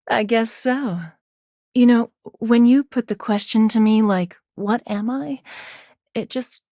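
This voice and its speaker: A woman's voice: on the high side, darkish tone, no room sound, studio quality. An actress voicing a brash, flirty, self-centered female video game character who is teasing and sarcastic but turns insecure. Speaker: voice actor. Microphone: studio microphone.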